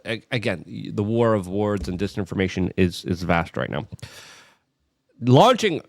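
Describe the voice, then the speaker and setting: Man, political commentary host, low voice, dry close sound, animated, mocking asides. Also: moderate pace, no room sound. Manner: animated, mocks others in exaggerated high voices.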